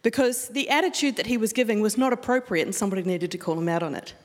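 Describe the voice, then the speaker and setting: A woman's voice: mid-range voice, fast talker. A middle-aged woman with a New Zealand accent tells a story from the pulpit, talking easily with little restarts and laughs. Her mid-height voice carries into a large hall with a long reverb tail. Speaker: preacher. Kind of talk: sermon with personal story. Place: church hall.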